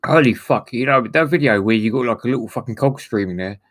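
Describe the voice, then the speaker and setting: A man's voice: medium pitch, quick pace, fairly bright tone, dry recording. A man with a British accent hosting a casual stream chat, swearing freely and joking around. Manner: profane, joking, mocking.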